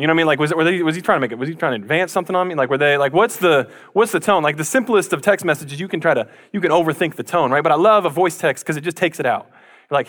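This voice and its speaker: A man preaching from the pulpit, talking in a loose, joking way. His voice sits a little higher than most men's. Now and then he slips into playful little impressions. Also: fast talker. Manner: conversational, jokey, animated impressions. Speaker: pastor. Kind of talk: casual sermon.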